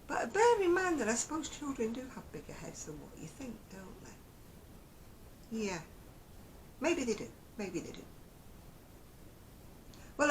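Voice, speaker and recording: A chatty woman with a Northern English Lancashire accent rambles along in a casual vlog to camera. Her pitch rises and falls a great deal, and she often breaks into small chuckles. A faint low rumble sits in the background. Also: poor audio. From Oldham, England. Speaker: crochet vlogger.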